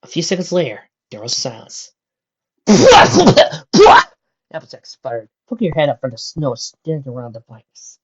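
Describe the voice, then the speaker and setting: Female narrator, low and expressive, fan audiobook; dull lo-fi recording. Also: fast, few pauses, husky. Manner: steady descriptive narration with occasional slips. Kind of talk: fan fiction audiobook reading.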